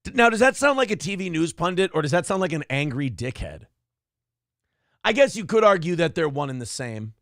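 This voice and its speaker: A male host with a high, gravelly voice that swings wildly up and down, firing off sarcastic, profane jabs. His delivery is a mocking comedic rant. The sound is close and dry, with no room around it. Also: very animated, fairly quick, fairly bright tone, no room sound. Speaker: podcast host.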